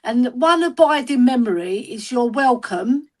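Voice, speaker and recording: A woman, her voice sitting high for a woman. She talks casually on a livestream and spins a long anecdote, checking in with "right?" all the time. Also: expressive, a little slow, a little mellow. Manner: storytelling, repeats "right?" often.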